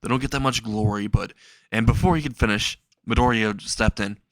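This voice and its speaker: A man's voice: on the low side, a little fast, no echo. A man casually narrating a made-up fan story, rambling with restarts and small chuckles.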